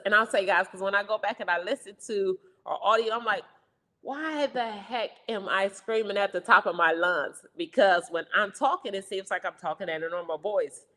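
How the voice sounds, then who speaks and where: A young woman talking quickly and loudly, full of energy as she co-hosts a casual chat. Her voice rings out with a long hall reverb behind it. She has a mid-range pitch. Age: young adult. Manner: fast, loud, animated talker. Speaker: co-host, stroke survivor.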